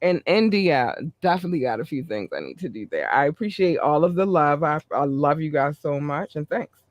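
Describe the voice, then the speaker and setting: A man hosting a podcast, reading listener shout-outs in a chatty way with running asides. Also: fairly high pitch, sing-song, a little fast, no echo, muffled recording. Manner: warm, chatty, reads a list with asides. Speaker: podcast host.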